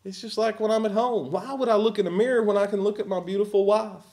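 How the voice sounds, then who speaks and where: A man's voice: high voice, steady tone, quick pace, a little mellow. A man preaching a sermon as pastor, emphatic and at times sarcastic.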